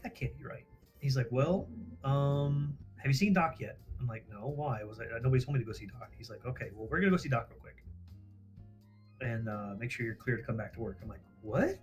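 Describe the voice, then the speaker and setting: A man's voice: medium pitch, fairly quick, faint music behind. A man casually telling a story on a livestream, acting out quoted dialogue, swearing freely and laughing at himself.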